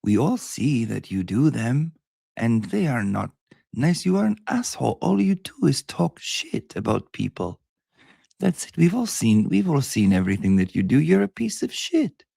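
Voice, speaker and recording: A man's voice: mid-range voice, very animated, normal speed, creaky, mellow, slightly rough, dry recording, full character voice. A man voicing a hostile woman from abroad who insults people while insisting she is being respectful, in a sneering, condescending manner. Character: nasty foreign woman, fake-polite bully. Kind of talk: storytelling impression.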